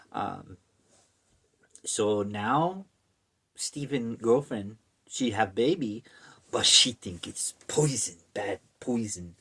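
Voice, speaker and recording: Deadpan male horror reviewer, slow and lively-pitched, comic broken-English retelling. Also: husky. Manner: deliberately broken caveman-style English, deadpan. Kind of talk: comedic book summary.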